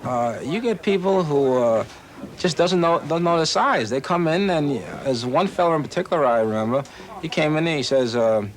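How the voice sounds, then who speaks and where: A man's voice: on the high side, normal speed. A shoe salesman telling an anecdote, acting out both sides of the dialogue. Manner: animated, acts out dialogue with voices. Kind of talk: anecdotal storytelling.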